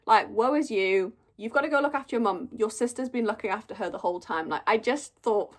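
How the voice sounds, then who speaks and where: A woman's voice: a little high, animated, brisk, hardly any pauses. A young woman chatting casually through a monthly reading wrap-up, gushing and storytelling with lots of "like". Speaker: book reviewer.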